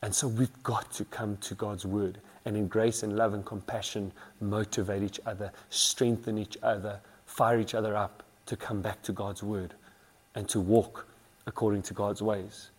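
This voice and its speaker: A man's voice: fairly low pitch, flat delivery, moderate pace, slightly rough. A man preaching an earnest sermon as a pastor, building emphasis through repeated phrases.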